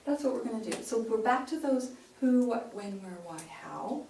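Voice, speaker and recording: A woman's voice: fairly high pitch, expressive, moderate pace, hardly any pauses, darkish tone. Woman workshop coach, demonstrative, breaks lines into chunks; echoey room, distant mic. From Canada. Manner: demonstrative, chops phrases into short chunks. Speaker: pronunciation coach. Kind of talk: workshop talk. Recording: roomy sound from a distant mic, faint hiss.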